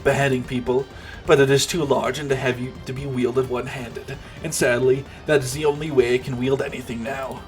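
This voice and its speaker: A man's voice: medium pitch, lightly acted. Man voicing a glum retired villain swordswoman. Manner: formal, grandiose phrasing. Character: bloodthirsty aging former villain swordswoman, glum.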